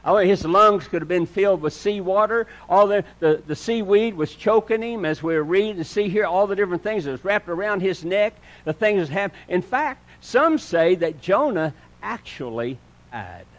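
A man preaching a sermon in an earnest style, moving between loud emphatic lines and hushed low ones and calling listeners "dear friend." He speaks. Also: normal speed, few pauses. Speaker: pastor.

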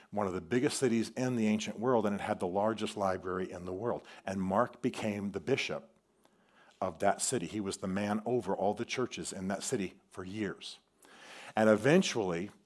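A man preaching a sermon in a church, telling a story with animation and swinging from loud declarations to quiet asides. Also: on the low side. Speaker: guest preacher. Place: church sanctuary.

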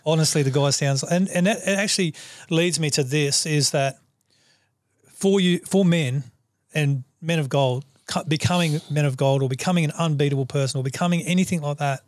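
An Australian man hosts a podcast in a warm, encouraging tone. His pitch sits a little above average, and he keeps up steady short agreements. The recording is dry and close. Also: moderate pace, dry recording. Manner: encouraging, backchannels often with short yeahs. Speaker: podcast host. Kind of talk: casual conversational interview.

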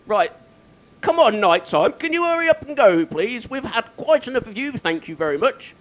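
A man with a strikingly high voice gives let's-play commentary on his own gaming. He mocks himself, chuckles often and breaks into exasperated outbursts. He talks into a desk microphone. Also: very animated, moderate pace. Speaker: gaming video creator.

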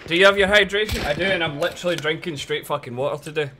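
A man's voice: on the high side, very fast. A Scottish man streaming a game, chatting casually, swearing freely and laughing often. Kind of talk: casual gaming chat. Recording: noisy game stream audio.

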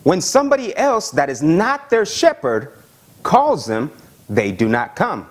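A male pastor preaching a sermon and praying, excited, with frequent repeated words and calls of "Amen?". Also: on the high side, a little slow. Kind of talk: sermon with Bible reading and prayer.

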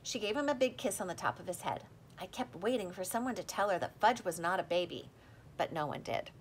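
A woman reading a children's story aloud in a lively, expressive way. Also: mid-range voice, brisk, slight background noise. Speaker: audiobook reader. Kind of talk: storybook narration with character voices.

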